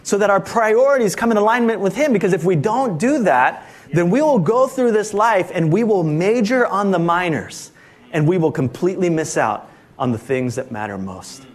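High-voiced male pastor preaching. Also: animated, moderate pace. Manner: emphatic, repeatedly asks "Amen?". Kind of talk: sermon. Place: church service.

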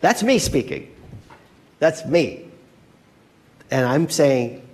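A man preaching a sermon as a pastor, conversational and animated, often checking in with his listeners. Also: a little high, extremely slow, long pauses.

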